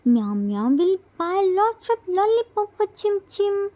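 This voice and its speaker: A protective little boy, earnest and reassuring in a storybook reading, voiced by a woman. The voice sits high and mellow and never hurries. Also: very animated, measured pace, full character voice.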